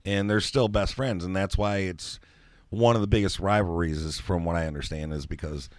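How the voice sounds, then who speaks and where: A man in casual chat, telling a story with lively energy and loud laughs. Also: low voice, normal speed, no echo, studio quality. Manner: animated storyteller, laughs loudly. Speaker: co-host.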